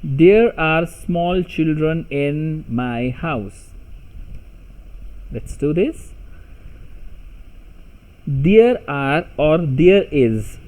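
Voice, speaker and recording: Slow mellow-voiced man teaching grammar. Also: a little high, animated, low-quality recording. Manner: patient, repeats example sentences in three languages. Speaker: language teacher. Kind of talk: slow explanatory tutorial.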